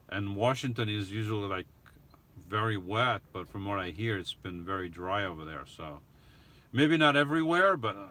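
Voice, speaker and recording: A man's voice: fairly low pitch, bright, forceful tone, slight background noise. A man hosting a livestream, rambling casually as he answers viewer comments. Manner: rambling, self-correcting, chatty. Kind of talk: casual live chat.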